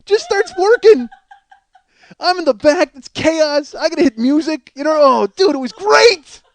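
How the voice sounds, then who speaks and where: A man in his forties, a podcast host telling a comic story in a profane, animated way, often laughing, on a close podcast mic. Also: very high voice, unhurried, no echo. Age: 40s. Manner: profane, animated, swears freely and breaks into laughter.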